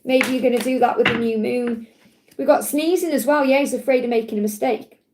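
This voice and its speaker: A woman's voice: on the high side, steady tone, fairly quick, noisy background. A woman hosting a live card-reading stream, talking in a reassuring, affectionate way and checking in with "okay?" and "honey". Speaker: tarot reader hosting a livestream.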